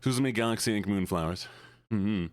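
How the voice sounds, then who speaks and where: A man's voice: lowish voice, fairly quick, clean tone, no echo. A man streaming live and chatting casually with his chat, playful, with mumbled hums between lines.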